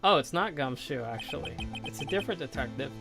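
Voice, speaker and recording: A chatty, excitable streamer commenting casually while playing a story game. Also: medium pitch, quick pace, vocal fry. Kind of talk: casual let's-play commentary. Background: game music.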